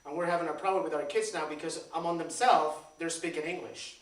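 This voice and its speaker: A man's voice: a little high, fast. Pastor guy, 30s, chatty sermon, roomy church sound, mic kinda far off. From Puerto Rico. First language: Spanish. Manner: lively, repeats words, questions the congregation. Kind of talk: conversational sermon. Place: church sanctuary. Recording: echoey church, distant mic.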